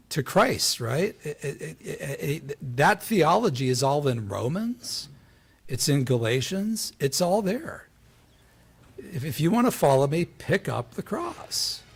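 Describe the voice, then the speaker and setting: Male guest speaker at a live event, animated and gravelly, keeps checking in with the crowd. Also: a little high. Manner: animated, many restarts, asks "right?" often. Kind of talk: live talk with audience.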